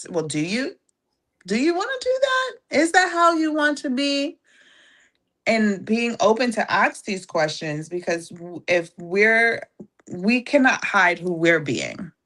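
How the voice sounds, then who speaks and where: Reflective woman guest, low-pitched, halting casual talk. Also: a bit bright. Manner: reflective, halting, many fillers. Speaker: podcast guest. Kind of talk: casual conversation.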